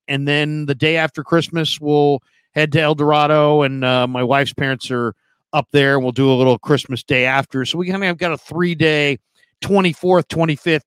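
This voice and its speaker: A man's voice: mid-range voice, fairly bright tone, clean tone, no room sound. A middle-aged man co-hosting a sports talk show, easygoing and rambling in casual chat.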